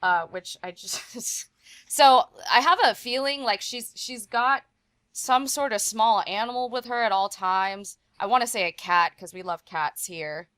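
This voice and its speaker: A woman's voice: on the high side, unhurried, a bit bright, dry recording. A bubbly, giggly woman playing in a tabletop game, chatting casually on a remote home mic.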